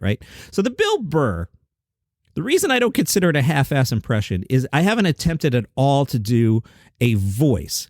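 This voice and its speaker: Wry, animated male comedy-news host. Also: mid-range voice, fairly quick, no echo, clean studio sound. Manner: wry, rambling, self-deprecating asides. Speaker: podcast host.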